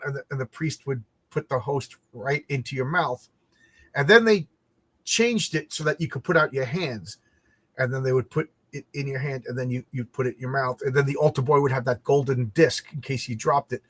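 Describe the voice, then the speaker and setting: Animated man telling stories, dry close mic. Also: medium pitch, normal speed, no echo. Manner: animated, laughing, repeats words when starting sentences. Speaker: podcast host. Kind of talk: casual storytelling chat.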